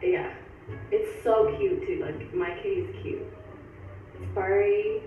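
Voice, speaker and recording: A young woman chatting playfully and coyly, giggling between her words. She sounds far from the mic in an echoey space, and the clip is dull and lo-fi with music clearly playing behind her. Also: mid-range voice, big pitch swings, unhurried. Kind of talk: casual prank conversation.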